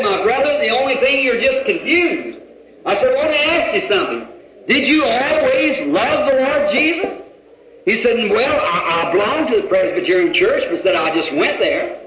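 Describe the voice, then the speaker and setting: High bright preacher in an echoey hall. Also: male voice, slight background noise. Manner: folksy, retells a conversation with rising shouts. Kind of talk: sermon storytelling. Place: church hall with congregation. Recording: echoey, dull old hall recording.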